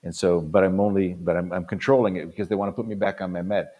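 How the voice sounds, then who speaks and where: Deep-voiced older pastor, emphatic. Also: male voice, steady tone, fast. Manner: earnest, emphatic, repeats phrases for stress; swings between loud punches and quiet drops. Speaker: pastor and conference speaker. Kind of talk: motivational talk to pastors.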